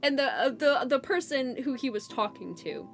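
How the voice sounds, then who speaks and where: A young woman streamer chatting casually with her viewers and telling a story. She is animated and laughs often, jumping from loud bursts to mumbled asides. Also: high voice, normal speed. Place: home streaming setup. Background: faint background music.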